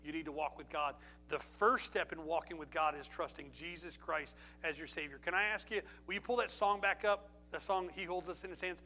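High bright-voiced pastor preaching. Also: male voice, steady tone, fairly quick, few pauses, a little hiss or hum. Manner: storytelling, emphatic, repeats phrases. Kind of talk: sermon with altar call.

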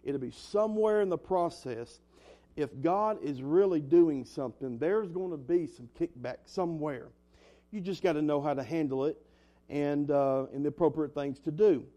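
A man's voice: fairly high pitch, normal speed, mellow. A young man preaching an earnest, emphatic sermon as a pastor, in a folksy way. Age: young adult.

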